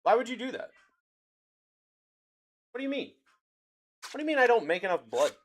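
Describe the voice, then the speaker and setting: High-voiced hyped card-break host man. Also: sing-song, normal speed, a little hiss or hum. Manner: hyped, chatty, rattling off player names to buyers. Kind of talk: livestream card-break calling.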